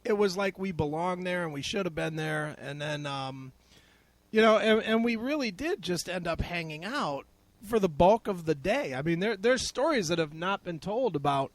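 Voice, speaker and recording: A man's voice: high voice, animated, normal speed, no room sound. A man hosting a casual podcast chat, laid-back, laughing often and swearing freely. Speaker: guest host.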